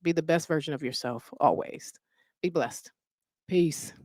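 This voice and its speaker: A woman's voice: low-pitched, a little slow, dark tone, no room sound. A woman hosting a podcast, recording casual promo takes and laughing at her own flubs. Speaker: podcast host and event business founder.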